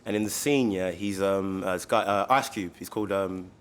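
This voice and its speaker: A personal trainer appears as a podcast guest, chatting casually in a low-pitched voice at a moderate pace. He's laid-back and emphatic, with heavy use of slang.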